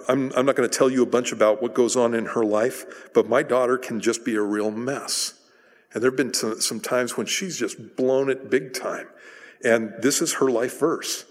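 Middle-aged man, pastor, chatty sermon delivery with restarts, mid-range voice, long hall reverb. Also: medium pitch. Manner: conversational, animated storytelling with frequent restarts.

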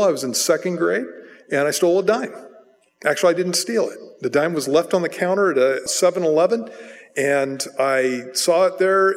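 A pastor giving a sermon in a conversational, storytelling way, with self-deprecating asides. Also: male voice, fairly high pitch. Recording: long hall reverb.

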